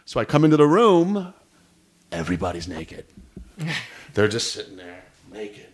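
A man's voice: fairly low pitch, very animated, measured pace, crowd noise. A male comedian telling a story in casual podcast chat, with lots of restarts and quoted voices. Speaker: comedian guest.

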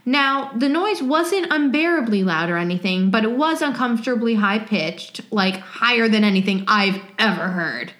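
A woman's voice: a little high, expressive, normal speed, few pauses, fairly bright tone. A woman co-hosting a podcast, chatting casually and reading listener stories aloud in a rambling, jokey way. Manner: rambling, jokey, self-interrupting. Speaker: podcast co-host.

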